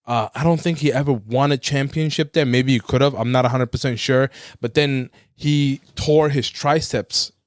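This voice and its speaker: A man's voice: medium pitch, fairly even intonation, normal speed, hardly any pauses, no room sound, studio quality. A man co-hosting a podcast, telling a long story in casual chat, swearing freely and acting out quotes. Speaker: podcast co-host.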